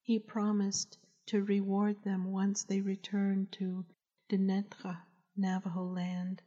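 A woman, the author, reading her novel aloud in a slow, gentle storytelling manner. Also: medium pitch, completely flat delivery. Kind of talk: audiobook narration. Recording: dull lo-fi recording.

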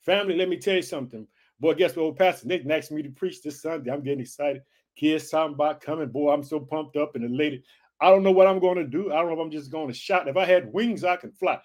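A man's voice: fairly high pitch, fast talker, darkish tone. A man in his forties from the United States, hosting a preaching podcast with a fervent, repetitive style full of calls of hallelujah.

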